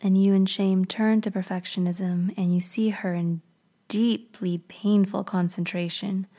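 A woman hosting a podcast, narrating a guided story in a soft, often half-whispered way. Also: medium pitch, fairly even intonation, unhurried. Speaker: podcast host.

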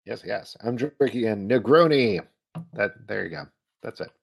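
A man's voice: lowish voice, animated, moderate pace, gravelly. A man hosting a casual podcast chat, dryly teasing and reading out listener questions. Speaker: podcast host.

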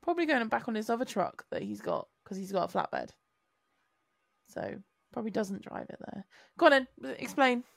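A woman co-hosting a podcast in casual chat, chatty and quick to joke and swear. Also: fairly high pitch, very animated, creaky, no room sound, studio quality. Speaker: podcast co-host.

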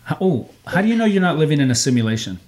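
A man's voice: on the high side, very animated, rapid-fire, a little mellow, a little hiss or hum. A man in his thirties hosting a casual family podcast from a home sunroom, playful and teasing with his kids. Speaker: podcast host and father.

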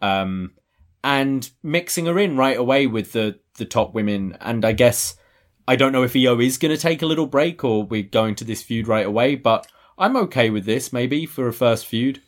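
A man co-hosting a casual wrestling review podcast, relaxed and analytical. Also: mid-range voice, normal speed. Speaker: podcast co-host.

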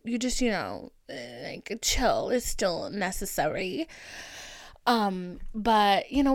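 Young female podcast host, casual and animated, acts out dialogue; dry, close sound. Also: a little high, dry recording. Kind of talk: casual chat.

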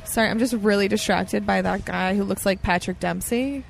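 A woman's voice: medium pitch, moderate pace, creaky. Teasing woman comedian in a noisy bar. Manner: teasing, easily distracted. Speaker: comedian guest. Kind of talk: casual comedy podcast chat.

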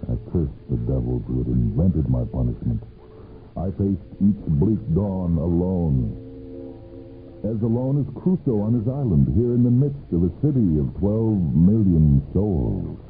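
A man narrating a first-person story for radio, with a measured, brooding delivery and long pauses. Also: sits low. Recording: lo-fi narrow-band 1970s radio recording with faint music.

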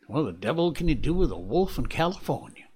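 A man voicing a gruff frontier dog musher who speaks in a dry, plain-spoken drawl, a little higher than his own voice. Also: sing-song, fairly quick, a little mellow, heavily acted.

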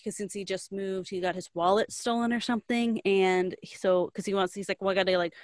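A woman's voice: medium pitch, fairly even intonation, a little fast, dry recording. A woman in casual chat, retelling a story in a rambling way, saying "like" constantly and acting out the quotes. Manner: rambling, fillers 'like' constantly, acts out quotes.

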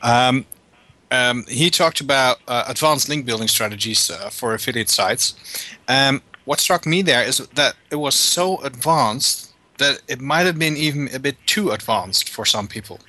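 A man's voice: medium pitch, lively intonation, moderate pace, bright, forceful tone. A man hosting a web radio talk show, chatting casually with many hesitant filler sounds. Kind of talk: casual interview chat.

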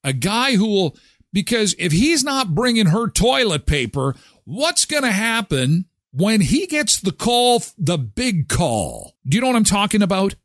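A man hosts a live morning talk show, joking, laughing and reading ads. His pitch swings up and down freely. The sound is dry and close. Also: sing-song, a little slow, fairly bright tone, no echo. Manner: jokey, chatty, laughs often. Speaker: host.

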